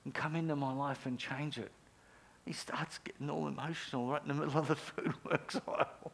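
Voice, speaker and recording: Earnest preacher, animated and hushed. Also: male voice, fairly high pitch, brisk, vocal fry, husky. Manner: earnest storytelling, animated bursts, drops to near whisper for prayers. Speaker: pastor. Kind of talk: sermon.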